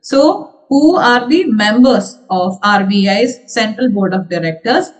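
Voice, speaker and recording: A woman's voice: on the high side, animated, measured pace, poor audio. A woman with an Indian English accent, teaching as an exam trainer in a methodical lecture that restates key points with frequent hesitations. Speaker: civil service exam trainer. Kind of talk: explanatory exam-prep lecture.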